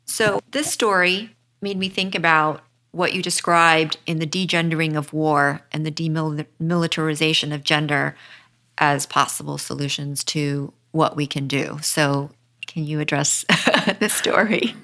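A woman's voice: low voice, fairly even intonation, a little slow, bright, forceful tone. A woman hosting a podcast interview, reading a long post aloud with expression. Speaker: podcast host.

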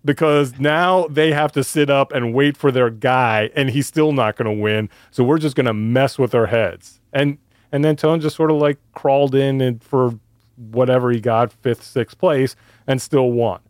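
A man's voice: moderate pace, dry recording, clean studio sound. A man co-hosting a casual chat, telling a story with lots of energy and jumping into other people's voices when he quotes them. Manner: animated storytelling, acts out quotes with raised pitch. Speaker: podcast co-host.

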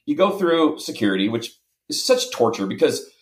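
A man telling self-deprecating anecdotes in a casual, lively way as a guest. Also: a little high, normal speed. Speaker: guest storyteller. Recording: roomy echo.

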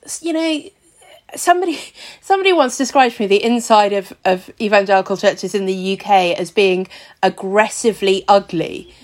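A woman hosting a podcast interview, thoughtful and measured as she asks her questions. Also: medium pitch. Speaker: podcast host.

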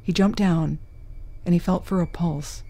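A crime scene worker telling a true crime story in the first person, with a measured, solemn delivery. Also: medium pitch, steady tone, warm tone.

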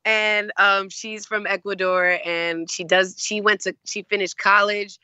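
A woman's voice: mid-range voice, little pitch movement, unhurried, pushed and bright, smooth, no echo, muffled recording. A woman being interviewed as an actress, telling stories in a chatty way with lots of fillers. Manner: chatty, many fillers, acts out quoted voices. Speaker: actress guest. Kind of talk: casual interview storytelling.

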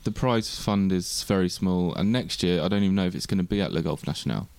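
A man's voice: low-pitched, fast, vocal fry, darkish tone, dry recording. A man with an English accent co-hosting a casual podcast chat, making dry, blunt remarks. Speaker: podcast co-host.

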